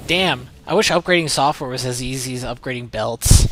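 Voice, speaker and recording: A man's voice: medium pitch, a little fast, fairly bright tone, slight background noise. A man streaming a video game, chatting casually and rambling as he plays, sometimes swearing. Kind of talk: casual livestream commentary while playing.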